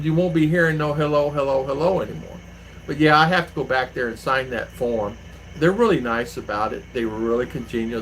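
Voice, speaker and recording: A man chats to his viewers in a loose, rambling way, wandering through his stories with plenty of fillers. His pitch sits in an ordinary middle range. A faint air-conditioner hum runs underneath. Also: fairly bright tone, poor audio. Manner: rambling, anecdotal, with many fillers. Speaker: vlogger, channel host. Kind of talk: casual chat to viewers. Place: home in the Philippines.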